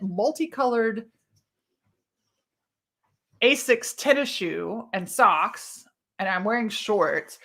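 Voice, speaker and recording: A woman from Texas, telling a personal story in a casual monologue, animated and swearing freely. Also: medium pitch. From Texas, USA. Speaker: podcast host.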